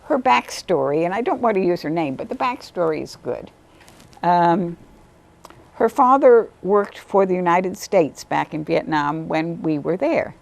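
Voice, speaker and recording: A woman, a volunteer literacy tutor, telling stories about her students in a lively interview, sometimes acting out what they said. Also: unhurried, creaky. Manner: animated, acts out quotes in a higher voice. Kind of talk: storytelling interview.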